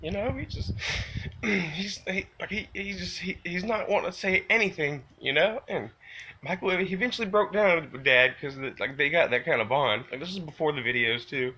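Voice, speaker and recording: A man's voice: on the high side, normal speed, sharp tone. A man telling a personal story to camera in a rambling, confessional way, full of "you know" and "man", his voice rising and straining as remorse comes through.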